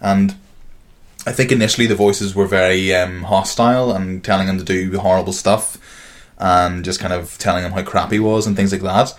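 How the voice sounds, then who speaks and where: Guy with a really deep voice rambling through a story on a podcast. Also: fairly even intonation, normal speed. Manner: rambling storyteller, loose and hesitant. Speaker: podcast co-host. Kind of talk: casual chat.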